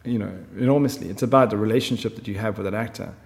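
A man's voice: on the low side, racing, vocal fry, in a large hall. A man talking as a film director in an interview, chatty and full of fillers. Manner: chatty storyteller, many fillers. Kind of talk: conversational interview.

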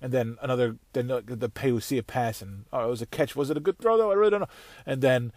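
A man in an angry, profane solo rant, circling back and restarting his sentences as he vents. His voice sits at an ordinary middle pitch, and the recording is dry and close with no room sound. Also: fast, darkish tone, dry recording. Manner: angry, swearing, rambling with restarts. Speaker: podcast host.

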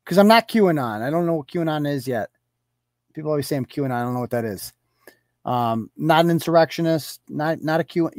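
A man's voice: fairly high pitch, darkish tone, dry recording, studio quality. A man hosting a live online commentary show. He reads posts aloud off his screen and answers them in a mocking, profane, sarcastic way, chuckling as he goes. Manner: chuckles through his rants.

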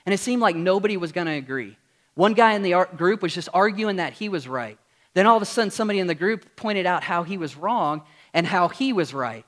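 A man's voice: high-pitched, expressive, a little fast, a bit bright. A pastor preaching a sermon to his congregation in a church, earnest and full of rhetorical questions. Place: church sanctuary with screen.

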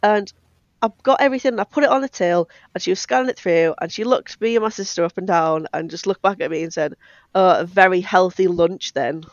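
A woman's voice: mid-range voice, fast talker, dry recording, dull audio. A young woman, chatting casually and telling sassy stories as a co-host. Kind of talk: casual chat.

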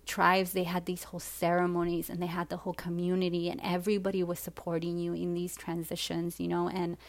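A woman in her forties tells her own story with frank, unpolished candor, cursing freely and leaning on fillers. Her voice sits low with a gravelly edge, and her delivery stays fairly level in pitch. The sound is dry and close. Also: completely flat delivery, fairly quick, no room sound. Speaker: personal storyteller. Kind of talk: candid personal storytelling.

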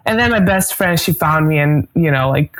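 Girl in her 20s, low-ish voice, super chatty, says like a lot, casual guest story. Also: moderate pace. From Croatia. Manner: chatty, animated, many "like" fillers. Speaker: guest, basketball player.

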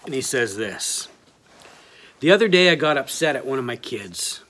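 A man's voice: medium pitch, big pitch swings, moderate pace, a bit bright. A man preaching a sermon in a plain, self-deprecating way, reading aloud from a book and from scripture.

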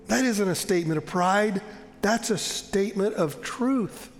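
A pastor preaches with a high voice, earnest and emphatic. He slows down and drops to a near hush to press a point. The sound carries a long reverb from the church hall. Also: soft background music. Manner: earnest, emphatic, slowing down and dropping to a soft hush on key lines. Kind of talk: sermon.

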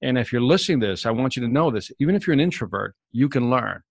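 Fast-talking animated male storyteller. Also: medium pitch, creaky, no echo. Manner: animated storyteller, acts out the people in his stories. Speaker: guest, sales expert. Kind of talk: storytelling in a podcast interview.

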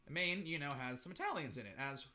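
A man co-hosting a casual podcast, telling an animated story with swearing and mocking quotes. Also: fairly high pitch, fast talker. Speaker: podcast co-host.

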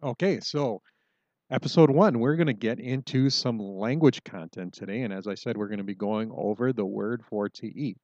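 A man hosting a podcast language lesson in a casual, unhurried way, with plenty of ums and slow, careful pronunciation of example words. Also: fairly low pitch, a little mellow, no echo, muffled recording.

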